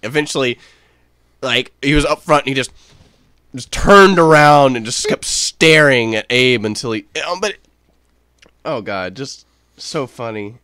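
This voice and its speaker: A man's voice: medium pitch, animated, a little slow, long pauses, bright, forceful tone, clean tone, no echo. A young man co-hosts a casual podcast, rambling through anecdotes and swearing along the way. His voice sits in the middle range. The sound is dry and close. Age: young adult. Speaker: podcast co-host. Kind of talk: casual storytelling chat.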